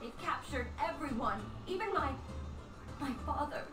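An earnest young heroine in a fantasy game, pleading for help in a high voice. She sounds distant and echoey, and game music plays behind her. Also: expressive, moderate pace. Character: young woman begging heroes to save her town.

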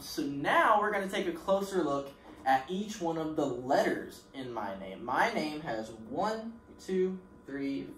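A man teaching a recorded lesson to preschoolers in an encouraging voice. He speaks slowly and leaves pauses for the children to answer. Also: a little high, a bit bright. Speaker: pre-K teacher. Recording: roomy echo with faint background noise.

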